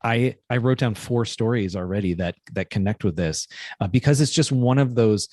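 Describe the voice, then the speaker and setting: A podcast co-host who backs the other host with quick agreement and then shares thoughts in a relaxed, chatty way. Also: mid-range voice, dry recording, clean studio sound. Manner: supportive, quick agreeing interjections. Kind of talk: casual podcast chat.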